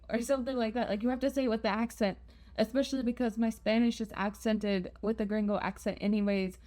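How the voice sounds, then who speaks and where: A young woman chats through a travel storytime vlog. Her voice sits a touch high, and her delivery is lively and self-deprecating. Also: fast talker. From United States. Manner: chatty, animated, self-deprecating. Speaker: travel vlogger.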